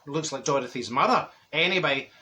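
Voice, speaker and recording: A man's voice: a little high, expressive, a little fast, bright, forceful tone. A man playing a chatty, straight-talking middle-aged Glasgow woman, telling a gossipy comic story in a Glaswegian accent. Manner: gossipy, giggly storytelling with wee asides. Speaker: comedy character host. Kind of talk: comic character monologue.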